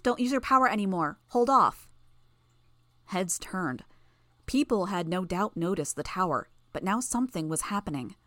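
A woman's voice: fairly low pitch, no echo. A woman narrating a story as a reader, lifting her voice for dialogue. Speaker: audiobook narrator. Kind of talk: scripted narration.

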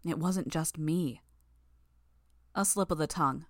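A woman narrating fiction in the first person, in a measured, tense way. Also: deep voice, dry recording, clean studio sound. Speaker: audiobook narrator.

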